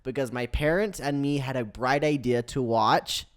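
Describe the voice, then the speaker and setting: A young man hosts a casual podcast chat at a middle pitch. He jokes and laughs easily, and his talk comes in quick bursts of excitement. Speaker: podcast host.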